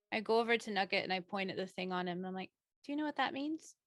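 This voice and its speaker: A woman's voice: medium pitch, lively intonation, brisk. Curious woman at the game table. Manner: curious, questioning. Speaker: player. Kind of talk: casual tabletop play.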